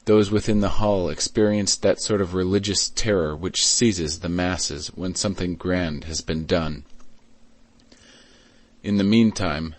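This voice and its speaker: A man reading a classic novel aloud as an audiobook in a measured, even way. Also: deep voice, no room sound. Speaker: audiobook reader. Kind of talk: scripted narration.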